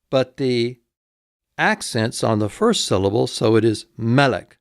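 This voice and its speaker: Slow, deliberate male language teacher. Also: mid-range voice, animated, no echo, studio quality. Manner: slow, deliberate, repeats each word and spells it out. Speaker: instructor. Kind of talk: recorded vocabulary lesson.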